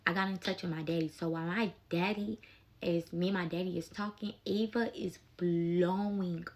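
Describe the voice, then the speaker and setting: A young adult woman telling a personal story in a casual storytime vlog, animated and emotional, with plenty of slang. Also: lowish voice, moderate pace.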